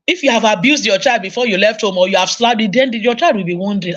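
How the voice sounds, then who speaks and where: Nigerian woman preacher, lively storyteller, parenting sermon. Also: mid-range voice, fairly quick, few pauses, highs cut off. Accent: Nigerian English. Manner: animated storytelling, acting out voices. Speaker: conference speaker. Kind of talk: sermon-style parenting talk.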